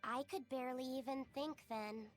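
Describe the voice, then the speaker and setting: A woman voicing an earnest young boy companion in a video game, with a very high boyish voice. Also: fairly even intonation, moderate pace, close to an everyday voice. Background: faint game music.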